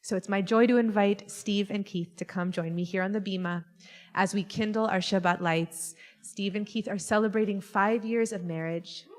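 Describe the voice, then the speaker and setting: A woman's voice: mid-range voice, fairly even intonation, normal speed, big-room sound, faint music behind. A woman rabbi leading a Shabbat service, chatty and playful as she talks with the congregation. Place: synagogue sanctuary.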